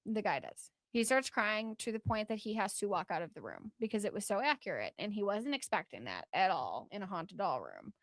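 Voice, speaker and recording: A woman's voice: medium pitch, fairly quick, few pauses, no echo. A woman hosting a podcast, telling a story in casual chat with lots of fillers and acted-out quotes. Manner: animated, lots of filler words, acts out quotes. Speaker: podcast host.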